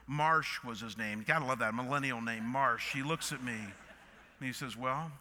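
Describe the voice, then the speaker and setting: A middle-aged man, a pastor, telling a story in a sermon and then praying, animated and full of restarts. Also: medium pitch, moderate pace, a little hiss or hum. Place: church auditorium. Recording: long hall reverb.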